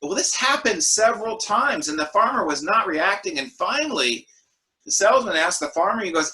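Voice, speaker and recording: A man leading an online worship discussion over a video call, telling stories in a relaxed way with fillers. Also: high voice, moderate pace, rough recording. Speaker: group discussion leader.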